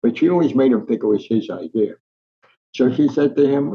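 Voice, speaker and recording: Brief: older New storyteller in his nineties, lively anecdotes, slightly muffled recording. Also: mid-range voice, fairly quick. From Newark, New Jersey. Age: 90s. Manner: animated anecdotal storyteller, acts out voices. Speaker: guest, sports columnist. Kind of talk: storytelling in an interview.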